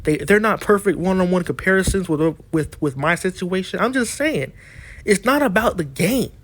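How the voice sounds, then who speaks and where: A man's voice: high-pitched, expressive, normal speed, fairly bright tone. Heated, profane male YouTuber ranting. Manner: heated, profane, with many restarts. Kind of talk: ranting commentary.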